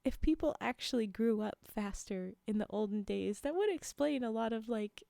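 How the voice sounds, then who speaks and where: A young adult woman reading folktales aloud on a livestream, chatty, pausing for casual asides and fillers. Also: a little high, lively intonation, vocal fry, warm tone, dry recording, clean studio sound. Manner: chatty, frequent laughs and fillers while reading. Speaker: livestream storyteller.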